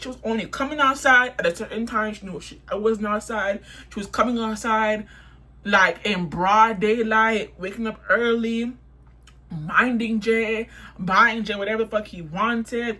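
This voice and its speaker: Bright-voiced young woman venting a story. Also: on the high side, normal speed. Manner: heated, profane, repetitive venting. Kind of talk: casual storytime vlog.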